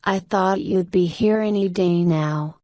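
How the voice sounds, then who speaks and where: A woman reading the lines of a brash male film director in her own slow voice. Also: on the low side, dark tone, no room sound, lightly acted.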